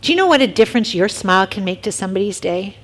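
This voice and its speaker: A woman leading a casual youth talk for middle schoolers, telling lively stories and asking the group questions. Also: mid-range voice, rapid-fire.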